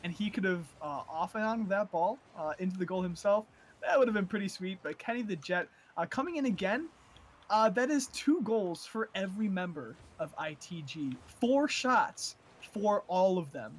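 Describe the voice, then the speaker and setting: A man's voice: sits high, lively intonation, moderate pace. A man giving live esports color commentary, analytical and explaining plays with frequent fillers and restarts.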